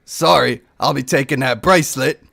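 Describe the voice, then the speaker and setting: A man voicing a cocky male elf thief, a smooth talker, in a loose put-on Scottish lilt. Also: medium pitch, moderate pace, sharp tone, heavily acted. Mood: smug.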